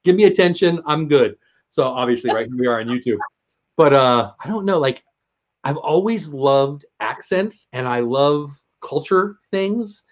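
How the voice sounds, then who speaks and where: This San Diego man hosts a livestream interview, his voice on the high side, expressive and a little slow. His casual chat rambles along in a self-deprecating way. The audio is lo-fi and slightly dull.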